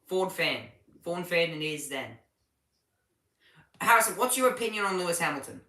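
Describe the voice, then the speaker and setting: A man talks through a live race session in a loose, chatty way, stumbling and restarting his sentences as he answers viewers. His voice is bright and forceful. The sound is roomy, with a clear echo from the space around him. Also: high-pitched, animated. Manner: chatty and halting, with frequent restarts while reading chat. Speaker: livestream race commentator. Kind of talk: casual live watch-along commentary.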